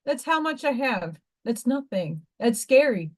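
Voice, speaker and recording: Her fairly high, sing-song voice moving at a measured pace, a woman who teaches school hosts a casual livestream, pitched a bit above the usual range. She drifts between topics, leans hard on her words, and interrupts herself mid-sentence to welcome viewers by name.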